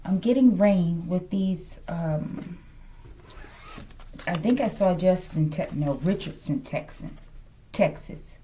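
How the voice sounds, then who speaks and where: A woman with a slight lisp talks through a tarot reading at a slow, unhurried pace. Her voice is soft and mellow. She speculates out loud and keeps addressing her listeners as "collective". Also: fairly low pitch, a little hiss or hum. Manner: speculative, repeats "collective" and "okay?"; slow, drops to whispers at times. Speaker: tarot reader. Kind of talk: casual tarot reading to viewers.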